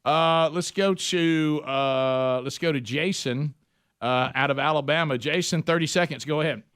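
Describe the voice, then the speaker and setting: Man, radio host, joking, higher voice, dry close studio sound. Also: a bit bright, clear, resonant tone, no room sound. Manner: joking, quick to laugh, fields calls. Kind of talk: casual talk radio banter. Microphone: studio microphone.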